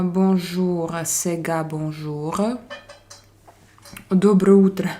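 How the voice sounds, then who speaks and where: A Russian woman with a lowish, slightly mellow voice hosts a relaxed live-stream chat. She greets viewers by name and moves between English, Spanish and French, drawing out her phrases without hurry.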